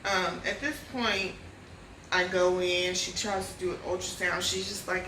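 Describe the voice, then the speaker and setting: A woman vlogger telling a personal story in a lively casual way, often calling her viewers y'all. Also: fairly low pitch, a little slow, reverberant, far from the mic, background noise. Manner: animated, addresses viewers as y'all.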